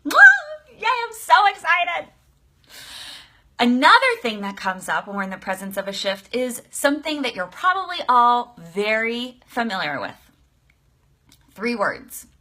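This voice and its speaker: A woman life coach giving an energetic, live-streamed coaching talk, exclaiming often and swearing casually. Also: a little high, normal speed.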